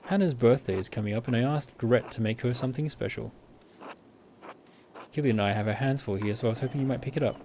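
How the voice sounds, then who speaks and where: A man's voice: medium pitch, quick pace, mellow, a little hiss or hum, natural voice. A man reading a caring middle-aged father from a video game, fond and fussing, close to his own voice.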